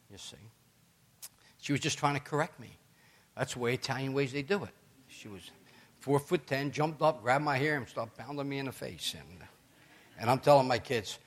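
A middle-aged man preaching a sermon as pastor, chatty and animated, telling stories with joking asides. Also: mid-range voice.

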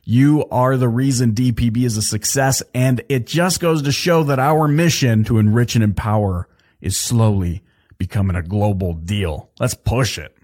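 A man hosting his own podcast, talking in an energetic, chatty way with lots of fillers and restarts. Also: mid-range voice, moderate pace. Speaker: podcast host. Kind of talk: casual solo podcast talk.

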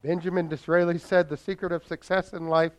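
A man preaching a morning lesson as a minister, telling a parable with expressive shifts in loudness for emphasis. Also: a little high, a little fast, rough recording. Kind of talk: sermon with a told parable.

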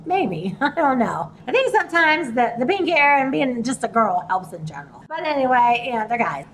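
Very animated and high-voiced, the woman talks at a moderate pace with a fairly bright tone. She hosts a podcast, invests in real estate, and chats through a story while doing the voices of the people she spoke with. The recording is rough.

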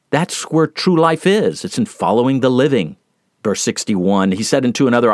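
A middle-aged man preaching a plain-spoken, earnest sermon, teaching with lively shifts in pace and loudness. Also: mid-range voice, moderate pace, dry recording, clean studio sound.

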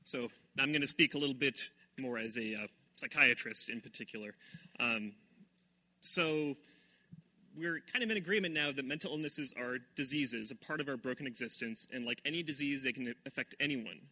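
A man who is a psychiatrist, giving a measured, explanatory prepared talk. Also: mid-range voice, bright, forceful tone.

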